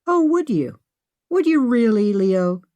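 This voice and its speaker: A woman narrator voicing an angry, stubborn young woman who shouts in high, loud bursts. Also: big pitch swings, takes it slowly. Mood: furious. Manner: shouting, indignant.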